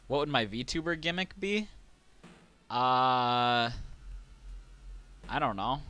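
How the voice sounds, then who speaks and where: A man streaming a horror game, casually chatting, reading game text aloud and getting excitable. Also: mid-range voice, slow, long pauses, clean tone. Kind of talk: casual let's-play commentary.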